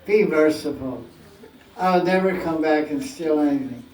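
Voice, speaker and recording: Guy putting on a whiny pleading little kid voice, high, roomy far mic. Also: moderate pace, close to an everyday voice. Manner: whimpering, pleading. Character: mischievous crying little boy. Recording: echoey room, distant mic.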